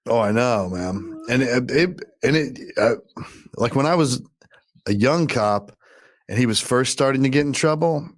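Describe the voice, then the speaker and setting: A man's voice: medium pitch, lively intonation, measured pace, no echo, studio quality. A man casually telling a story on a podcast, cursing a lot and acting out what people said. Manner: profane, rambling, acts out quotes loudly. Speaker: podcast co-host.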